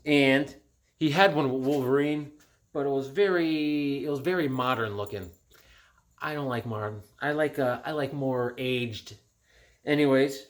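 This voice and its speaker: A middle-aged man chatting casually and excitedly at home as he shows off his flea market comic finds. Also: mid-range voice, unhurried. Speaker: comic collector vlogger. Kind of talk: casual show-and-tell vlog.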